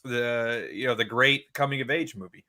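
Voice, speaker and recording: A man co-hosting a casual movie-debate livestream, relaxed and thinking aloud, with casual swearing and fillers. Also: mid-range voice, moderate pace. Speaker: podcast co-host.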